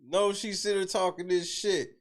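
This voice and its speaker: A host giving comedic commentary on a clip, incredulous, loud and profane, laughing often. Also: medium pitch, level tone, normal speed.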